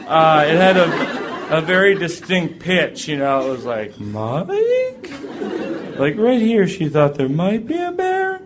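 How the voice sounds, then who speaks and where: A man telling a funny personal story to a live audience, animated and jokey, acting out the voices. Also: a little high, background noise.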